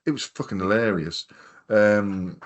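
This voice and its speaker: A man's voice: on the low side, unhurried. A man with a Hartlepool accent from North East England, hosting a casual podcast and telling long, rambling stories with plenty of swearing. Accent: North East English, Hartlepool. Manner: rambling anecdotal storyteller, swears freely. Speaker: podcast host. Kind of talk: casual chat.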